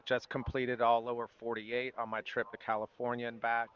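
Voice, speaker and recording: A man's voice: medium pitch, monotone, a little fast, lo-fi sound. A man at an event telling a casual, rambling story, with fillers. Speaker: event attendee. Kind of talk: casual anecdote.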